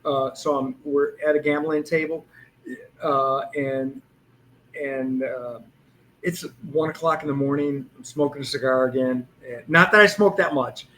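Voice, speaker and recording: A man's voice: medium pitch, a little slow, a bit bright, slight background noise, low-quality recording. A man in his sixties, a police hostage negotiator, telling anecdotes in a casual interview and acting out the lines he quotes. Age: 60s.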